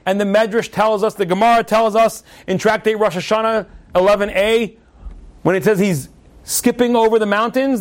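Male preacher, high-pitched, animated storytelling sermon. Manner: animated, acts out the voices of the figures in his story.

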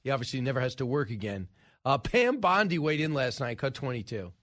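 A man's voice: mid-range voice, very animated, a little fast, fairly bright tone. A man hosting a talk radio show, giving emphatic, scoffing political commentary into a studio microphone. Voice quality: emphatic, scoffing, frequent uh fillers.

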